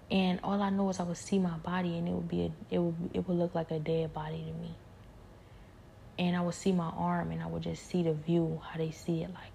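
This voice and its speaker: A woman with a gravelly voice giving a hushed, rambling personal spiritual testimony, often dropping to a whisper. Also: on the low side, level tone, a little fast, highs cut off, a little hiss or hum.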